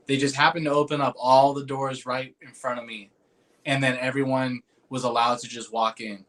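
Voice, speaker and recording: With a mid-range, fairly bright voice, he casually rambles through a story from his own life, full of "dude" and "like" and unguarded swearing. When he reaches moving moments, he turns earnest and emotional.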